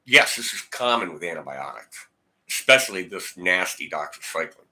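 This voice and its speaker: A man's voice: low voice, sing-song, normal speed, pushed and bright. A man telling a long personal story in a rambling, casual way, acting out the dialogue and repeating words. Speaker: guitar channel host. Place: home, indoors.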